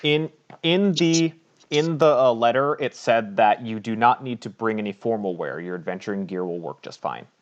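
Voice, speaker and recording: A man's voice: on the low side, normal speed. A man narrating a tabletop game as game master, chatty and hesitant, often laughing. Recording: dull lo-fi mic.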